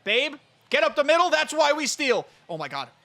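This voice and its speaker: A man giving excitable, chatty live commentary on his own baseball video game play, talking straight to his viewers. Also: extremely high pitch, normal speed. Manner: excitable, chatty, talks to chat. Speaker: gaming YouTuber.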